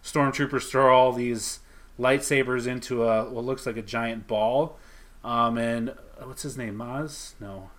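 A man's voice: mid-range voice, fairly even intonation, unhurried, a bit bright. A man co-hosting a podcast, casually retelling a comic scene by scene and quoting the characters' lines. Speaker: podcast co-host. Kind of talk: casual chat recapping a comic.

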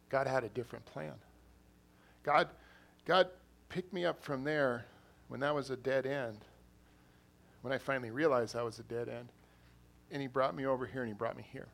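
A man's voice: mid-range voice, creaky. A man who is an assistant pastor, preaching an earnest sermon in a church, repeating phrases and rising to emphatic bursts. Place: church hall.

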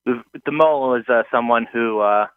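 A man's voice: mid-range voice, moderate pace. A man in his thirties calling in and telling a story in a rambling, hesitant way, full of fillers. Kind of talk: casual phone-in storytelling. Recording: tinny dry phone line.

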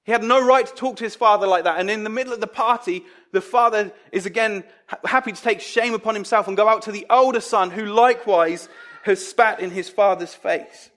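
A man's voice: high voice, fairly quick, a bit bright. A man preaching a sermon in a conversational, emphatic way, acting out quoted voices.

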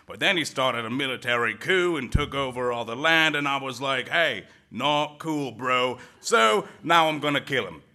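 A man playing an earnest young hero seeking revenge in improv comedy, stammering and deadpan. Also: mid-range voice, moderate pace, hardly any pauses.

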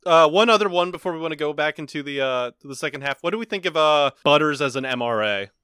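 A man co-hosting a podcast in casual chat. He is excitable, laughs easily and swears often. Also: on the high side, fast, smooth, no room sound, studio quality. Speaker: podcast co-host.

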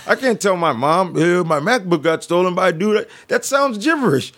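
A man telling stories in a casual chat, acting out quotes with big jumps in his voice. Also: moderate pace. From Los Angeles resident. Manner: animated, acts out quotes with big pitch jumps. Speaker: podcast co-host telling stories.

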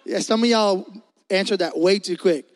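Man, young pastor, from Puerto Rico, high voice, loud, joking, energetic sermon. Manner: loud, joking, talks fast to the crowd.

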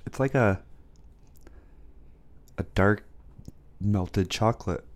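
Low-voiced, dry male podcast co-host. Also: slow pace. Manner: dry, asks questions, talks sports stats. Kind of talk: casual chat.

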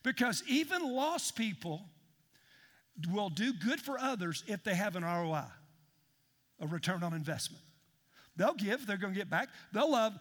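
A man's voice: extremely high pitch, animated, moderate pace, long pauses, a bit bright. A man preaching a sermon as pastor, emphatic and calling out to his congregation. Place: large church hall. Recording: long hall reverb in a church.

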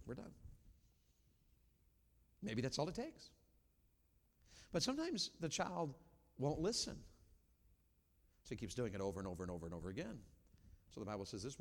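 A middle-aged man preaching a sermon as a pastor, dropping to quiet talk and then rising to loud, high-pitched preaching. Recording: hall reverb.

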